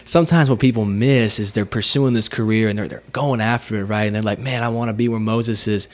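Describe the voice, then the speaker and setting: A man's voice: lowish voice, steady tone, brisk. A man hosting a podcast interview, affirming and encouraging his guest. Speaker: podcast host. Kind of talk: casual interview.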